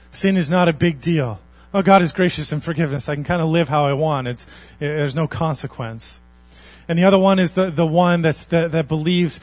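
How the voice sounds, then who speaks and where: A man preaching a sermon as a pastor, earnest, swinging between loud emphasis and quiet intensity. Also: fairly high pitch, no echo.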